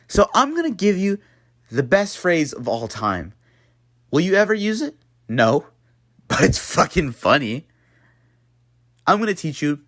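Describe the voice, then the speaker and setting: A man's voice: on the high side, sing-song, measured pace, long pauses, a bit bright, no echo, clean studio sound. A man hosting a jokey tutorial and talking to his viewers as if they were a class. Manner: playful, talks to viewers as a class. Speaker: channel host teaching a mock language lesson.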